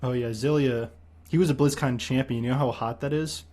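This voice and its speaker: A young man hosting a livestream in casual chat, teasing his guest with quick questions and mock lectures. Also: medium pitch, fairly even intonation, darkish tone. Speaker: streamer host.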